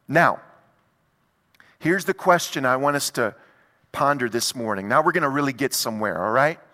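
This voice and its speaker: A man's voice: medium pitch, animated, normal speed, sharp tone. A middle-aged man preaching a sermon to a congregation, emphatic and repetitive, building in intensity. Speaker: pastor. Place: church sanctuary. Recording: long reverb of a large hall.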